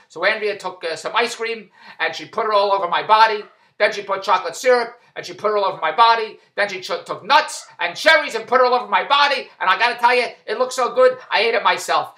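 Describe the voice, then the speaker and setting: A man telling Catskills-style stand-up jokes to his wife in a rapid-fire delivery with repeated phrases, loud on punchlines and low and muttered in between.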